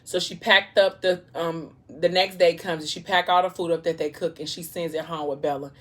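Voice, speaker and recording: A woman's voice: on the low side, normal speed. Chatty woman retelling a story. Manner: chatty, animated plot retelling with asides. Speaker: vlogger. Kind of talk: casual storytelling during a mukbang.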